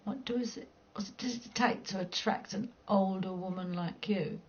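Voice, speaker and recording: A woman's voice: mid-range voice, normal speed, lo-fi sound. A middle-aged woman with a London accent, chatting casually and bluntly with viewers during a game stream, cheeky and swearing freely. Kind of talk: casual chat.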